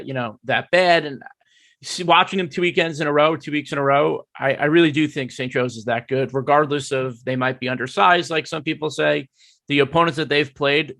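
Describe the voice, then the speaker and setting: A man's voice: on the high side, a bit bright, dry recording. Man co-hosting, dry close sound. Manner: conversational, repeats points, frequent fillers. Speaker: podcast co-host. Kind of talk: casual sports podcast chat.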